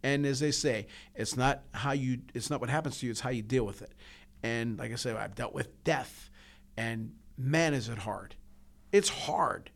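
A man's voice: medium pitch, normal speed, creaky. A man co-hosting a podcast, telling personal stories in an earnest, emotional way, with frequent restarts and repeats. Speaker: podcast co-host. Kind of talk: casual heartfelt podcast talk.

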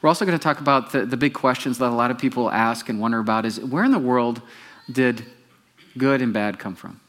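A pastor preaching a sermon, telling the story with animation and putting questions to the congregation. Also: male voice, medium pitch, brisk, a bit bright.

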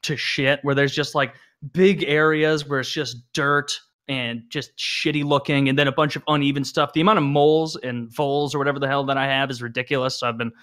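A man co-hosting a podcast, relaxed and joking, with casual swearing. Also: medium pitch, a little fast. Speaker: podcast co-host. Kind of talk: casual chat.

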